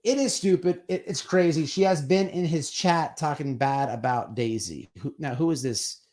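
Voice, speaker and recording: A man's voice: fairly high pitch, darkish tone. Rambling, profane man hosting a stream. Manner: profane, rambling, quick to act out quotes. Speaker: streaming commentary host. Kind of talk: casual live-stream commentary.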